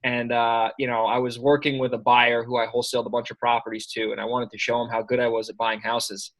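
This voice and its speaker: A man in his early twenties, a sales coach telling an animated anecdote in a casual way. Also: medium pitch, poor audio. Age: early 20s. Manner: animated anecdote with quick asides. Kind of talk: casual storytelling.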